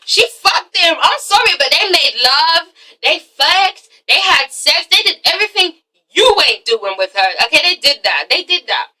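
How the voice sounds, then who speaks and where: A woman's voice: very high voice, normal speed, recorded from a distance. A woman giving a casual, profane, laughing recap of a TV episode. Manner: animated, profane, laughing often. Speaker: TV show reviewer.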